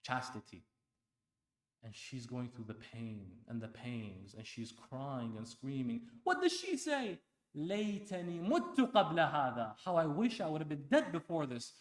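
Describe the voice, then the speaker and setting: A man delivers a sermon at an Islamic center, his voice mid-pitched and carrying through a reverberant hall. He swings from a near hush to loud, urgent appeals and keeps pressing the listeners with pointed questions. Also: big pitch swings, unhurried. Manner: impassioned, swings between hushed and loud; asks the audience pointed rhetorical questions. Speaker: preacher. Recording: echoey hall.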